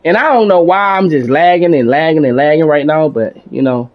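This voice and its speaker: A man with a fairly high voice talks through his thoughts on a gaming stream, calm and rambling, often restarting his sentences. The audio is dull and lo-fi, like a home stream setup. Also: brisk. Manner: calm, rambling and self-reflective with frequent restarts; casual speech with mild swearing. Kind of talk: reflective casual monologue.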